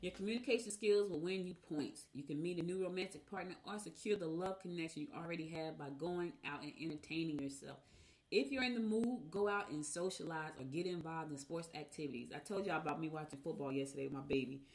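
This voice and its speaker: A woman hosting a radio show, reading horoscopes in a casual, chatty way and rambling into personal asides. By her own account she talks fast. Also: low-pitched.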